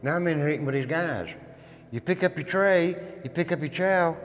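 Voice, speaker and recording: Inside an old prison, a man who once served time there gives a storytelling tour in a slightly high voice at a fairly quick pace. His telling is dramatic and folksy, he addresses the group as guys, and stone walls create a long echo.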